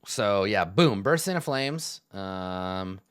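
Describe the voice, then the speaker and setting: A man's voice: low voice, takes it slowly, clear, resonant tone, no room sound. Man running a tabletop game, dry mic. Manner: relaxed, laughing, many fillers. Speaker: game master.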